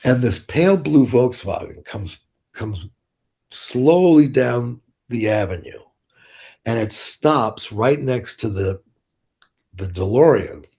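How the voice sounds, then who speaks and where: A man's voice: on the low side, gravelly, a little mellow, husky. An older man, telling rambling, blunt, profane stories as an interview guest. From New York City. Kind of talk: casual storytelling interview.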